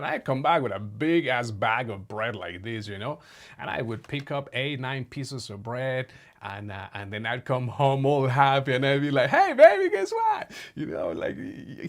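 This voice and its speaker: A middle-aged man from Mexico telling a personal story to his viewers in a casual, chatty way, calling them his friends and filling pauses with "uh" and "you know.". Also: on the low side, a bit bright. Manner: chatty, addresses viewers as friends, many fillers. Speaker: vlogger.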